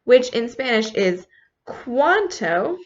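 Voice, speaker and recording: A woman's voice: mid-range voice, normal speed, a bit bright. Patient woman teaching. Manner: casual, patient, spells words out letter by letter. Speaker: Spanish teacher. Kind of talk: recorded classroom feedback lesson. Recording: slightly dull lo-fi recording.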